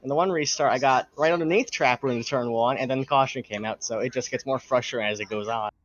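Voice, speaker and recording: A man's voice: mid-range voice, fast, fairly bright tone. Worn-out male driver on a lo-fi line. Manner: tired, frustrated, candid. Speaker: driver interviewed after the race. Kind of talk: post-race interview. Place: his room at home.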